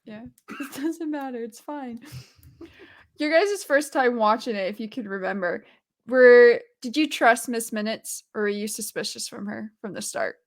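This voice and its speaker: Chatty lady on a fan podcast, a bit high-pitched, jokey, keeps the questions coming. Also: moderate pace. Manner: chatty, leads the questions, jokes about herself. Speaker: podcast co-host. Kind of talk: casual chat.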